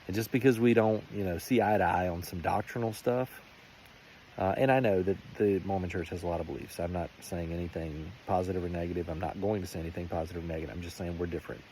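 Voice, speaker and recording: A man's voice: low voice, steady tone, quick pace, warm tone, slight background noise. A man giving a rambling, earnest personal faith testimony in a vlog. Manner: earnest, rambling, many restarts. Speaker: faith vlogger.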